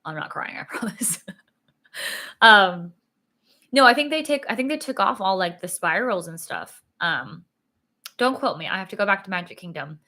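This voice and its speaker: A woman's voice: medium pitch, animated, normal speed, sharp tone. Chatty, sleepy young woman vlogger. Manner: rambling, chatty, lots of "like" and "um". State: sleepy, yawning. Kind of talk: casual sit-down vlog chat.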